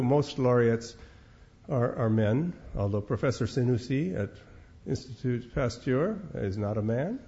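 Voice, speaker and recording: Older man lecturer, wry unhurried storyteller, mid-pitched voice, dull lo-fi recording. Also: warm tone. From Minnesota, United States. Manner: wry, unhurried, repeats words as he goes.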